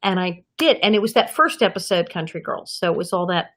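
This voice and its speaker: A woman in her fifties, a guest actress in an interview, telling stories in a lively way and acting out the people she quotes. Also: mid-range voice, fairly quick. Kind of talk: anecdotal interview storytelling.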